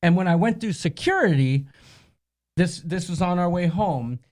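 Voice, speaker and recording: A man's voice: sits high, expressive, normal speed, darkish tone. Chatty rambling male host. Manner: chatty, rambling, self-interrupting. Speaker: show host. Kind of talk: casual chat.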